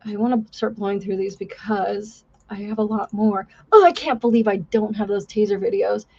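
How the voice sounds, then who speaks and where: A woman's voice: mid-range voice, normal speed, a little mellow, muffled recording. A woman livestream host, a former police officer, chatting casually and a bit profanely, mocking herself and reading out chat messages.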